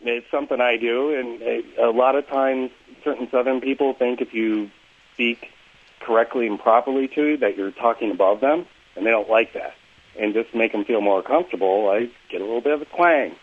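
A man at mid pitch calling into a radio show, plain and matter-of-fact. His voice comes through a narrow, tinny phone line. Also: a little fast. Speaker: caller. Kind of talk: phone-in caller chat.

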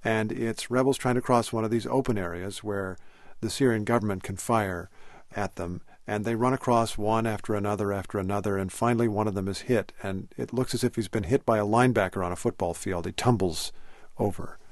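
A man interviewing a filmmaker, describing scenes and asking questions in a measured way. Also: lowish voice, dry recording. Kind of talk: radio-style interview questions and film description.

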